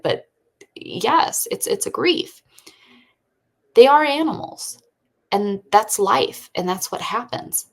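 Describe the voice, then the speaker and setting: Woman in her thirties, casual chatty podcast host, low voice, gravelly fry, animated storyteller, earnest. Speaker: podcast host and homeschooling mother. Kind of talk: casual chat. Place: at home during a thunderstorm.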